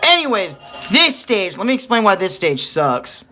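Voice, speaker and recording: Bright-voiced young man ranting about games. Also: sits high, very animated, normal speed, faint music behind. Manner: rambling, profane, self-correcting. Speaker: gaming streamer. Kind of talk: casual game commentary.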